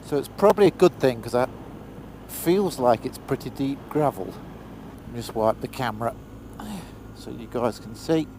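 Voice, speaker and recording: A man's voice: medium pitch, lively intonation, moderate pace, background noise. A man chatting casually into a helmet camera while riding a motorbike outdoors in pouring rain, exclaiming and swearing now and then. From Britain. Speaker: motorcycle vlogger. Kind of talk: casual vlog commentary.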